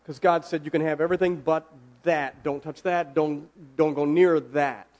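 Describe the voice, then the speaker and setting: A man's voice: fairly high pitch, steady tone, darkish tone. Conversational man preaching a casual sermon. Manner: conversational, asks the audience questions, slows for emphasis.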